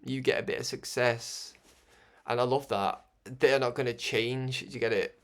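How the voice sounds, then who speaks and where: A man with a Scouse accent speaks in a gravelly voice at a middling pitch. He rambles through a reflective monologue, doubling back on his words and chuckling softly between thoughts. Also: moderate pace. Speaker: broadcast host.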